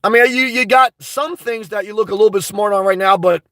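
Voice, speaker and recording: A man's voice: sits high, fairly quick, sharp tone, no room sound, clean studio sound. A man hosting a livestream, reading viewer comments aloud and answering them in a rambling, blunt and crude way. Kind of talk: unscripted livestream chat.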